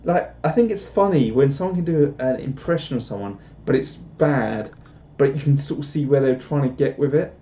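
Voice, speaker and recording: A man's voice: mid-range voice, moderate pace, few pauses, mellow. A man chatting casually on a live stream, rambling and self-deprecating as he reads out viewer comments. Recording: dull lo-fi stream audio.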